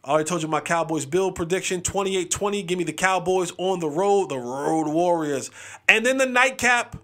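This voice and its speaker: A man whose voice sits high speaks at normal speed while hosting a sports show and handing out game picks. It's a casual, animated, playful delivery that leans on repeated phrases for emphasis.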